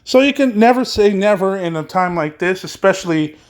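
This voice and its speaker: Man, casual wrestling podcast host, slightly high voice, rambling and unpolished delivery. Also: animated, fairly quick. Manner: rambling, loose, swears casually, many fillers.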